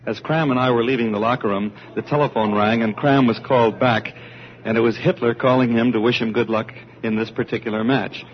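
A man's voice: mid-range voice, fairly even intonation, a little fast, lo-fi sound, a little hiss or hum. A man, a tennis player, recalling a match in an easygoing storytelling way. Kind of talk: casual recollection.

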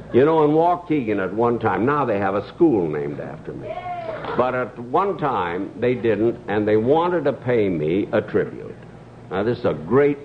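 An older man, a guest comedian, telling anecdotes on a talk show with a dry, measured delivery and pauses. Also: on the low side. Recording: dull old TV audio with hiss.

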